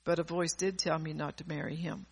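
Gravelly, husky older woman preaching. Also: low-pitched, fairly even intonation, brisk. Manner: earnest, repeats and restarts phrases. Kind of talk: sermon.

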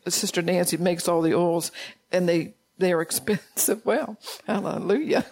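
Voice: mid-range voice, fairly even intonation, normal speed, darkish tone, a little hiss or hum. A preacher giving an informal, folksy sermon in a conversational way, often breaking into laughter.

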